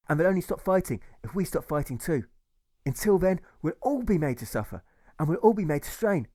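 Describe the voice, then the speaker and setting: A man plays an idealistic young orator pleading for peace, his voice climbing higher as he rallies a crowd. It is close and dry, with a fairly high voice. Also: warm tone, dry recording. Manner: impassioned rallying speech.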